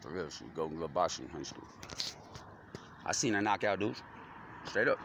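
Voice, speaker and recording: Man, gravelly, slangy rambler with cursing, recorded outdoors over loud traffic noise. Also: low voice, lively intonation, normal speed. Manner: loose, slangy, stream-of-consciousness talk with cursing. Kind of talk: rambling monologue to camera. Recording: loud street noise with passing vehicles.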